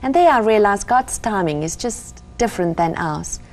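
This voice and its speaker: A woman's voice: medium pitch, expressive, moderate pace, soft background music. A middle-aged woman from Africa, earnestly telling her personal faith story as an interview guest. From South Africa. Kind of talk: personal testimony in conversation.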